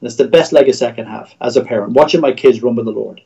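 A man's voice: medium pitch, quick pace, creaky, warm tone, lo-fi sound. A middle-aged man, a Christian radio executive, speaking as a guest in a livestream interview over a video call, in an earnest, preacher-like way with repeated phrases.

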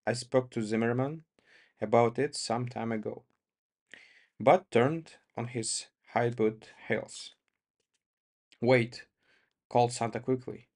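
A man reading a classic short story aloud, halting often and stopping to correct his own slips. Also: medium pitch, a little mellow. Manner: halting, stops to correct himself. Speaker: reader.

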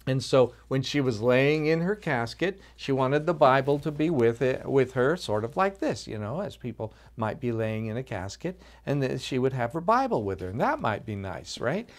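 A man telling a children's story at a church service, animated, with frequent restarts and questions to his young listeners. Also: mid-range voice, normal speed, few pauses.

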